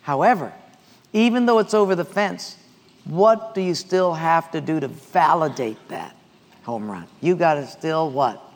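In a room with a big, open sound, a male pastor delivers his sermon unhurriedly and expressively, his pitch fairly high. He weaves in stories and calls out questions that the congregation answers back.

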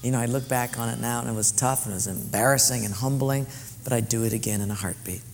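A man's voice: medium pitch, fairly even intonation, fast talker, gravelly, a little hiss or hum. Earnest man preaching in an echoey hall. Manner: earnest, storytelling, emphatic repetition. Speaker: pastor. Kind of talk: sermon.

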